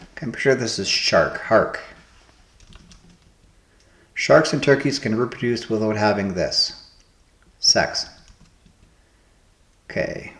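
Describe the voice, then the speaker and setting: A man's voice: fairly low pitch, lively intonation, slow, long pauses, fairly bright tone. A man hosting a word-puzzle video, musing aloud and trying out guesses as he solves the clues. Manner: musing, trial-and-error guessing of answers aloud. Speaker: host playing word puzzles. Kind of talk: casual thinking aloud while solving puzzles. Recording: roomy echo.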